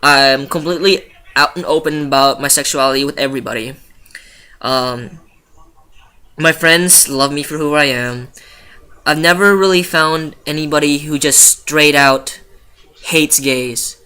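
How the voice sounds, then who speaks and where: A man's voice: a little high, pushed and bright. A young man in his late teens rambling casually to camera in a confessional vlog, swearing freely and filling gaps with "like" and "um". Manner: chatty, rambling, swears freely, lots of fillers. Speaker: vlogger.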